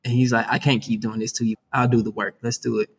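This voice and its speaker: A man with an average pitch talks in an easy, conversational way. He sounds upbeat and earnest, and he drops "man" and "right?" into nearly every sentence. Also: level tone, quick pace, slight background noise. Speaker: youth worker, guest. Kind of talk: conversational interview.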